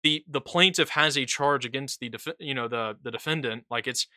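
A man co-hosting a casual political chat, talking in a halting way with many restarts and fillers. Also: medium pitch, pushed and bright, no room sound, clean studio sound. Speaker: podcast co-host reading chat.

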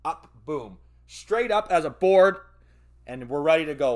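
A man hosting a podcast, telling a personal story in casual, profane, rambling speech. He fumbles for words and breaks into loud, animated bursts. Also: on the high side, a little slow. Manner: animated retelling with loud outbursts. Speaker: podcast host.

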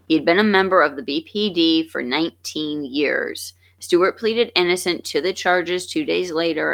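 A woman co-hosting a podcast, reading scripted true-crime narration in a steady, measured way. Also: fairly low pitch, vocal fry. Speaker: podcast co-host.

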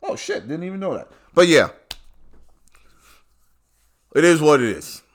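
A man's voice: on the high side, very animated, unhurried. A man delivering a casual, profane rant to his viewers in street slang.

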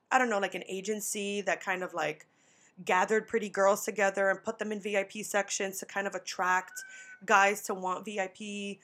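A young woman hosting a podcast tells a casual story in a medium-pitched, somewhat bright voice. Her speech is loose and animated, packed with "like" and an occasional swear word, and her voice jumps up whenever she acts out what someone said.

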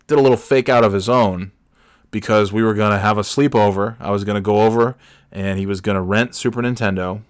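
A man with a fairly low voice tells a casual, swear-laden story with animated energy. He acts out what people said, sometimes jumping way up in pitch. The sound is dry and close, with no room echo. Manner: animated, swears freely, acts out quotes with big shouts.

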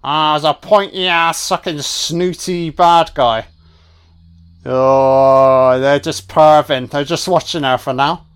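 A man reacts to a film on a first watch, swearing freely and cracking jokes at the characters. His voice sits a little high and comes through smooth and clear. He takes his time, with a slow, drawn-out delivery. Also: steady tone. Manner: sweary, wisecracking, talks back at the screen. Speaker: film commentator. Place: home recording, voice only.

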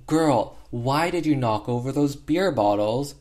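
A man's voice: lowish voice, fairly even intonation, measured pace, darkish tone. A man doing a bullying drunken father. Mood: scornful.

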